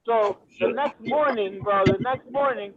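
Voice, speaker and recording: A man telling a story over casual chat, profane and excitable, with slangy street talk. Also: very high voice, a little slow, background noise. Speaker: storyteller guest. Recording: tinny phone-like audio.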